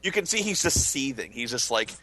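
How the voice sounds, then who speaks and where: A man in casual banter among friends, telling animated stories and acting out the commentators he quotes. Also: medium pitch, fairly quick, crowd noise. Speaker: stream participant.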